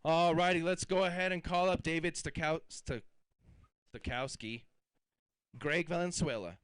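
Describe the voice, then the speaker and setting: A man runs a live fishing weigh-in as emcee, his fairly high voice upbeat as he calls out weights and builds suspense for the crowd. The sound is close and dry. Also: unhurried, fairly bright tone, clear, resonant tone, dry recording, rough recording. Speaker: tournament emcee.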